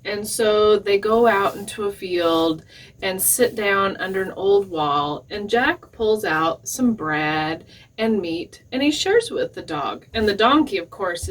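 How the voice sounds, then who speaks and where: A woman librarian reads a folk tale aloud at children's storytime, taking her time. Her voice swoops up and down with playful expression, and she stops for little asides to the kids. The sound is slightly husky and comes from a distance, off the mic. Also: mid-range voice, lively intonation, unhurried. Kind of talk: storytime reading.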